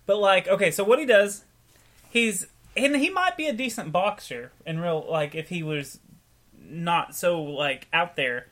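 A man co-hosting a casual podcast chat, telling a story with lively acted-out quotes. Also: high-pitched, unhurried. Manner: animated storytelling, acts out quotes. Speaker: podcast co-host.

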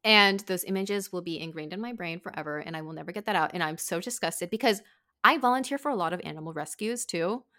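A woman hosting a podcast, telling a story in casual chat, animated, swearing and saying "like" a lot. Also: fairly low pitch, fast. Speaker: podcast host.

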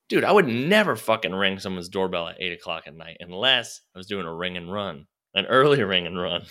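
A man co-hosting a casual chat, telling a profane anecdote with animated delivery and acted-out quotes. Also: sits low, brisk, few pauses. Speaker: podcast co-host.

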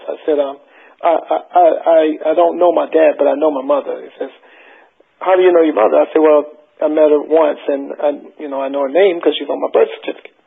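A man's voice: a little high, gravelly, breathy edge. A man guest in an interview, telling stories animatedly, acting out the voices of the people he quotes and stumbling over his words. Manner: animated, acts out quoted voices, stammers on restarts. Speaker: interview guest, tribute singer. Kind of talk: storytelling on a phone interview. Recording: tinny phone line.

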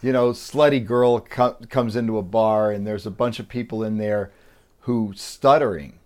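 A man's voice: lowish voice, fairly even intonation, normal speed, darkish tone. Hesitant man in casual chat. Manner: hesitant, trailing off, self-deprecating. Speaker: podcast co-host, musician.

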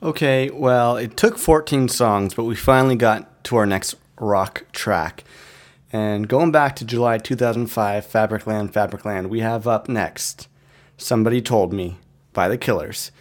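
A man's voice: mid-range voice, measured pace. A man hosting a music podcast, talking in a rambling, chatty and easily amused way. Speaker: podcast host. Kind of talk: casual chat.

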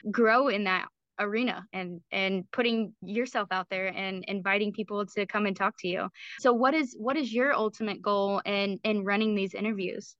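A woman's voice: mid-range voice, moderate pace, hardly any pauses, fairly bright tone, dry recording, muffled recording. A woman guest on a podcast, speaking earnestly and openly and laughing easily. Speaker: podcast guest, small business owner. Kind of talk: casual interview chat.

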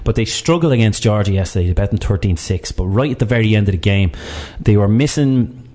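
A man talks sport on local radio at a fast clip, his voice sitting low. He rambles through his points with plenty of jokes and asides. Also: lively intonation, warm tone. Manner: fast, rambling, jokey banter. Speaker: radio sports show co-host. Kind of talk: casual sports radio chat.

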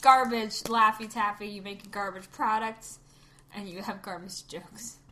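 A woman's voice: medium pitch, steady tone, measured pace, bright, forceful tone. A woman co-hosting a podcast in casual chat at a kitchen table, playful and teasing. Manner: playful, teasing, laughs often. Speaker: podcast co-host.

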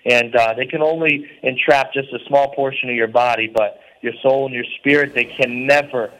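A man calling in to a radio show from a prison cell. He talks earnestly and at a mid pitch, preaching at times. His speech is loose and full of fillers. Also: steady tone, fairly quick, fairly bright tone, poor audio. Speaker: guest calling in. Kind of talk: interview on talk radio.

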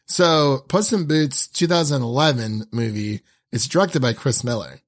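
A man's voice: medium pitch, normal speed. A man hosting a casual film review chat, hesitant, with many ums and restarts. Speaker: podcast host.

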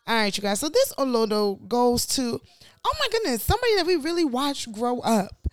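A woman's voice: fairly high pitch, sing-song, moderate pace, no room sound, clean studio sound. A young adult woman co-hosting a casual pop-culture podcast, frank and opinionated, chatting with plenty of fillers. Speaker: podcast co-host.

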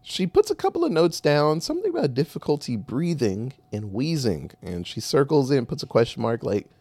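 A man's voice: mid-range voice, very animated, moderate pace, a little mellow, no echo. A man co-hosting a casual talk show, recapping a movie in a rambling, profane way and correcting himself as he goes. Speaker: podcast co-host recapping a movie. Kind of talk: casual chat.

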